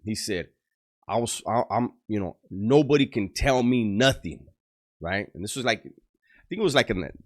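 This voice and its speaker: A man telling street and prison stories in casual slang, full of restarts and gruff quoted voices. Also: fairly low pitch. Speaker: storyteller on a channel. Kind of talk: casual storytelling.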